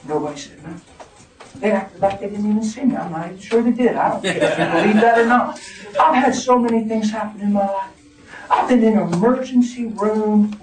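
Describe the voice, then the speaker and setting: A man preaches with fervor, his testimony rising to shouts and dropping to near whispers. He sounds far from the mic in an echoing room, with noise underneath. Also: high-pitched. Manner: fervent preaching, swinging between shouts and hushed tones. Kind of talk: impassioned testimony sermon. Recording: roomy, distant mic with noise.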